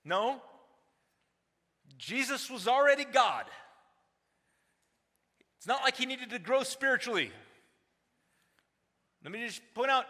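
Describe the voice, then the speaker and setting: Bright-voiced preaching pastor in a hall. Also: male voice, sits high. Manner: emphatic, conversational preaching with rhetorical questions. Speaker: teaching pastor. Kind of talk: sermon. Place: large church sanctuary. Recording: long hall reverb.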